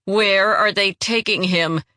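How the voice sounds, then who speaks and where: A woman voicing a fierce, vengeful young woman fighter who talks low and hard. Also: takes it slowly, a bit bright, no room sound, studio quality. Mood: furious.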